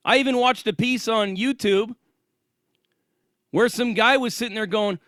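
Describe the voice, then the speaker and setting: A man's voice: high voice, measured pace, long pauses, pushed and bright, no room sound, studio quality. A man hosting his own channel, delivering an angry, profane and sarcastic ranting monologue. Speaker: channel host.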